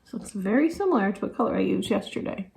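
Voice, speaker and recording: A woman's voice: mid-range voice, lively intonation, fast talker, vocal fry, dark tone, a little hiss or hum. A woman in her thirties, a teacher and beauty vlogger, chatting casually and thinking aloud while doing her makeup. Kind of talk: casual makeup tutorial chat.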